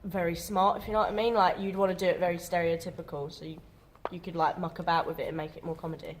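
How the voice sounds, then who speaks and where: A woman's voice: on the low side, level tone, fast talker, noisy background. A woman drama student talking casually in a group discussion, chatty and full of fillers.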